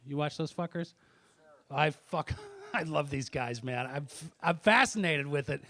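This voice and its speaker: A man's voice: a little high, lively intonation, normal speed, fairly bright tone, dry recording. A middle-aged man doing a brash, profane stand-up set on a comedy club stage, teasing the audience between jokes. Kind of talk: stand-up set with crowd work.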